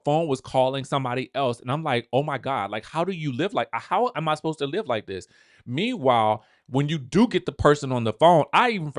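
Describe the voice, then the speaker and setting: A man hosting a casual recap of a reality show. He talks straight to his viewers and acts out the cast members' lines in quick asides. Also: medium pitch. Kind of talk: animated casual recap commentary.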